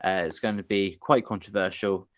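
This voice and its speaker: A man's voice: low-pitched, fairly even intonation, moderate pace, fairly bright tone, no echo. Male host, playful interviewer, dry close sound. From United Kingdom. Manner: chatty, teasing, laughs often. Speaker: podcast host. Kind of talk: casual interview chat.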